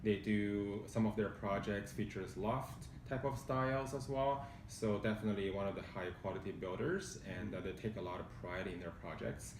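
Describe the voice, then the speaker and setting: Man, real estate agent, measured factual delivery, roomy distant sound. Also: fairly low pitch, noisy background. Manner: measured, factual, hesitant fillers. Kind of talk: informative property presentation. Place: condo unit indoors.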